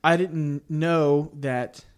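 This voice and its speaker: A man's voice: on the high side, steady tone, drawn-out words, smooth. Rambling man hosting a podcast. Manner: rambling, friendly, stumbles and restarts. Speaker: podcast host. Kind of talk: casual podcast interview. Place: his house in Baton Rouge.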